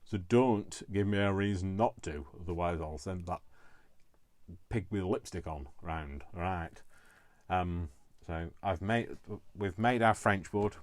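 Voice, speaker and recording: A man's voice: sits low, no echo. A man signing off a casual crafting vlog from his kitchen, rambling and jokey with lots of fillers, affectionate toward his viewers. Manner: rambling and chatty with many fillers. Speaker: crafting vlogger. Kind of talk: casual live-stream sign-off chat. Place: home kitchen, indoors.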